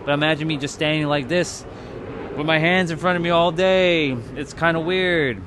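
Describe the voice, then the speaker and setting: A man's voice: a little high, fairly even intonation, moderate pace, fairly bright tone, slight background noise. A man hosting a livestream, talking to his chat in a loose, rambling way, with lots of fillers and casual swearing. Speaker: livestream host.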